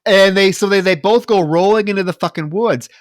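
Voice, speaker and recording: A man with a high-sitting voice talks fairly quickly on a podcast he co-hosts, recorded dry with studio quality. Exasperated and profane, he gripes about a film in casual movie-review chat and mockingly retells its scenes.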